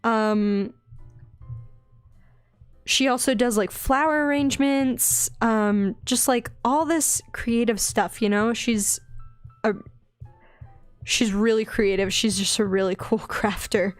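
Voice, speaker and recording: Young woman, light southern accent, bubbly and rambling, fairly high voice, dry close mic. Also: slow pace, long pauses, clean tone, dry recording, soft background music. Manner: bubbly, rambling, giggly, easily excited. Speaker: digital artist streaming her drawing. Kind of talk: casual chatty art stream.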